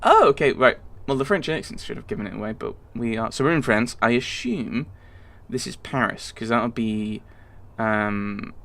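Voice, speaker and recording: A man's voice: medium pitch, moderate pace, gravelly, a bit bright. A man hosting a let's play, thinking aloud and rambling through casual game commentary.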